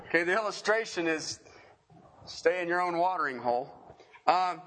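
A middle-aged man preaching a sermon as pastor, joking and animated, often laughing at his own lines. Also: sits high, normal speed, long pauses.

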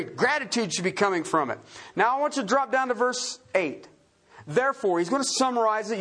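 A man's voice: high voice, breathy edge. A man preaching an expository sermon, casual and conversational, often checking in with his listeners and spelling out words. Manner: animated and conversational, frequent "Okay?" check-ins.

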